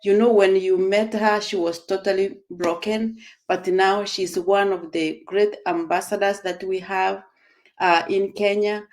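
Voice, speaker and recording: A woman speaks at a very unhurried pace and a medium pitch. She answers in a group conversation, affirming the other speaker and offering prayers for her. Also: steady tone. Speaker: company supporter in a group conversation.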